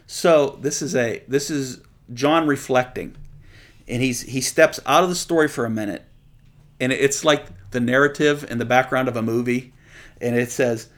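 A man's voice: mid-range voice, gravelly. A man preaching a conversational sermon, reading scripture aloud and explaining it in plain, chatty terms.

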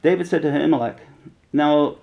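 Gravelly-voiced man teaching scripture casually. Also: mid-range voice, lively intonation, fairly quick, muffled recording. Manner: conversational, reads scripture aloud and paraphrases in slang. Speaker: preacher.

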